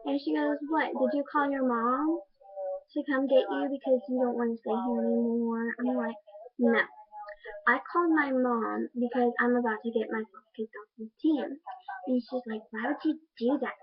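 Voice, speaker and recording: Teen girl, high voice, chatty storytelling, lots of "like", thin phone-like webcam sound. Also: fairly even intonation, normal speed, breathy edge. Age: teenager, fifteen. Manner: chatty, quotes dialogue, many "like" fillers. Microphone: built-in webcam mic. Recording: tinny lo-fi webcam audio.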